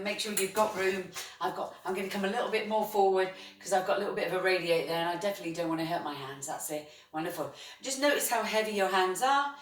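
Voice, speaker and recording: A woman teaching a chair yoga class, guiding each breath and stretch with soft, steady encouragement. Her voice sits a little low. She sounds set back from the mic in an echoing room. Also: a little fast, slight background noise. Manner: gentle, encouraging, frequent praise. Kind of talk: guided movement class. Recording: roomy sound from a distance.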